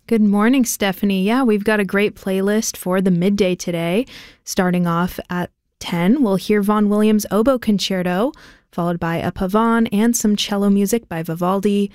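A woman's voice: medium pitch, moderate pace, darkish tone, dry recording. Woman radio host, dry studio mic, chatty playlist preview. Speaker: midday classical music radio host. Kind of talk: radio announcing. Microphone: studio microphone.

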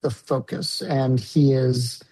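Man with a warm, husky voice, eager. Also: mid-range voice, level tone, slow, rough recording. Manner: enthusiastic, casual, uses many fillers. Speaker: film director. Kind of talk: interview answer.

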